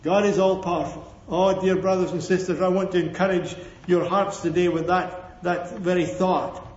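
A man's voice: high voice, fairly even intonation, moderate pace, darkish tone. A man preaching a sermon to a congregation, emphatic and repeating his key phrases, often calling for an amen. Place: church hall with a congregation. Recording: echoey, dull lo-fi sermon recording.

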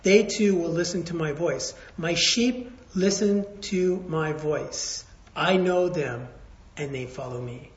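Male pastor with a high voice, conversational sermon, slightly muffled recording. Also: slow. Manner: storytelling, conversational, swings from hushed to raised. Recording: roomy, slightly dull sound.

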